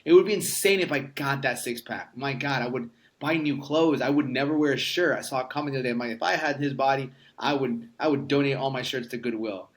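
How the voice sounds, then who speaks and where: A man's voice: medium pitch, fairly quick, few pauses. A man in his thirties, a podcast guest in casual conversation, telling stories emphatically and swearing freely. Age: 30s. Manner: emphatic, profane storyteller.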